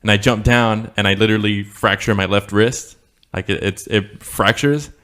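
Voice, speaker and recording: A man's voice: fairly low pitch, fairly even intonation, moderate pace, a bit bright. A young man co-hosting a podcast, telling a childhood story in a rambling, swearing, laughing way. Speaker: podcast co-host. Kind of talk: casual storytelling chat.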